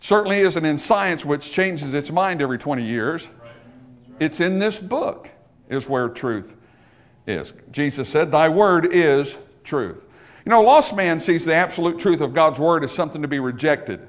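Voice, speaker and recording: A man's voice: on the high side, animated, normal speed. A man preaching a sermon as pastor, emphatic, building through repeated rhetorical lines and questions. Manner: emphatic, rising to forceful repetition, rhetorical questions.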